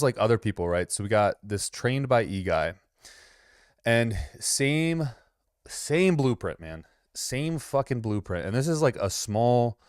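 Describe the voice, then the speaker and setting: A man's voice: low-pitched, no echo, studio quality. A man hosting a casual reaction commentary, mocking and rambling with plenty of swearing. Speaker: commentary host.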